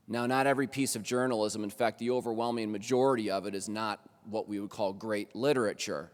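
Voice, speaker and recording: A man, a college journalism professor, lecturing at a faculty roundtable in a conversational way and often checking in with the audience. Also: fairly low pitch. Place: college auditorium stage. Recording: long hall reverb.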